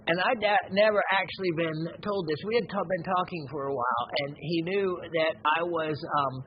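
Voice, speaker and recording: A man hosting a gem and mineral show, talking in a slow, rambling, reflective way with many pauses and fillers. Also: on the high side, dull audio, a little hiss or hum. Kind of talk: unscripted educational show talk.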